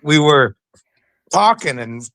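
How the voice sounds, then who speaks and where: A middle-aged man from western Canada, an interview guest who tells stories in a casual, animated way and acts out the voices. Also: fairly high pitch, takes it slowly, no echo. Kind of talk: casual storytelling.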